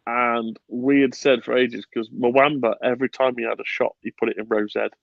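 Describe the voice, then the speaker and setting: A man hosting a casual football podcast, animated and swearing freely, with bursts of laughter. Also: medium pitch, normal speed, creaky, dry recording, highs cut off. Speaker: podcast host.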